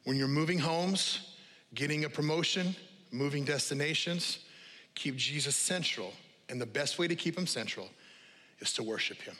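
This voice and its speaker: A man preaches a sermon in a church auditorium, his voice bright and a little high for a man, ringing with long hall reverb. He talks to the congregation conversationally, repeats his key lines for weight, and slips in light jokes. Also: moderate pace. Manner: humorous asides to the congregation. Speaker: pastor.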